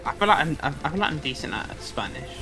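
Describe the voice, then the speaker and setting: A man's voice: a little high, big pitch swings, fast, pushed and bright. British man, casual chat, rambling, frequent laughs, background music. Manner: rambling, laughs often, stammers on restarts. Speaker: gaming companion.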